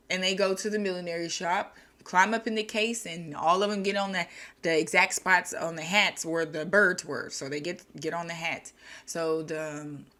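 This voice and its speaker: A woman's voice: lowish voice, a bit bright. A young woman casually retelling a short story in her own chatty words, with restarts and slang. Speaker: storyteller and channel host.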